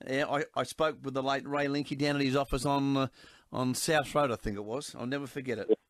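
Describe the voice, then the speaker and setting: A man, a veteran radio sports host, speaking in a halting way and often restarting his sentences. His middling voice sounds dry and close on the studio mic. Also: mid-range voice, steady tone, dry recording. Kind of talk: live radio chat.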